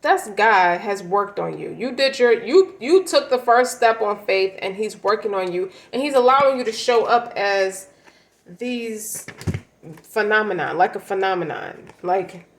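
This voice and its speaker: A woman's voice: medium pitch, animated, a little slow, echoey room, poor audio. A woman giving a casual tarot reading, talking in a blunt, slangy, emphatic way. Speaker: tarot reader.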